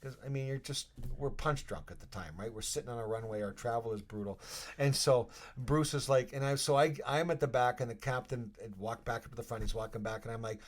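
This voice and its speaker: A man in his fifties, a retired hockey player guest, telling stories in a rambling, animated way and laughing as he acts out scenes. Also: medium pitch, fairly quick. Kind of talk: casual storytelling interview.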